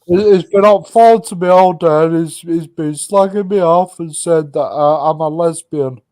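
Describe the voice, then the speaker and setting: A man with a fairly high voice runs a live stream chat panel. He talks bluntly and mockingly, swearing freely. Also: moderate pace, dark tone.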